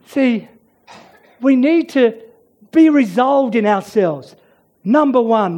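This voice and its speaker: A preacher giving a sermon, swinging between loud urging and hushed near-whispers. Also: mid-range voice, lively intonation, slow pace, long pauses.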